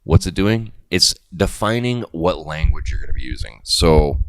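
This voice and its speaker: A middle-aged man with a very deep, gravelly voice talks through a topic in a loose, rambling way, full of jokey asides. His pitch swings up and down a lot as he goes, and the sound is dry and close. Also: expressive, normal speed, dry recording. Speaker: crypto video host. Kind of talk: casual explainer monologue.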